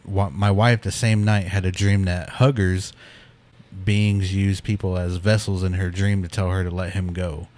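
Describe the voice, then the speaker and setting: Low-voiced man reading out a listener story. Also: darkish tone. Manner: reads, then comments with hesitant fillers. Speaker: podcast host reading listener stories. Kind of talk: reading aloud and casual chat.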